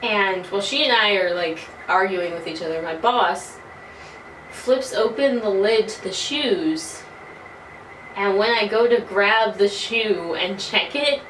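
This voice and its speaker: A young woman in her early twenties telling a casual, animated story, swearing freely as she talks. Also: medium pitch, measured pace. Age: early 20s. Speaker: vlogger. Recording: roomy, from a distance, faint noise.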